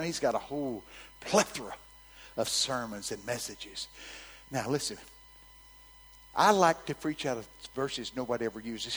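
A man's voice: medium pitch, breathy edge, big-room sound, poor audio. A man preaching a sermon, telling stories with animation and calling out to his congregation. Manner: animated storytelling, calls out to the congregation.

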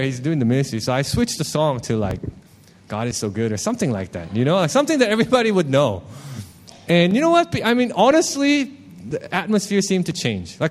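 A man preaching in a loose, conversational way, his somewhat high voice swinging widely as he tells a personal story. He speaks with an animated, storytelling manner, full of asides to the congregation. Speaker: worship leader preaching. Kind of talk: sermon.

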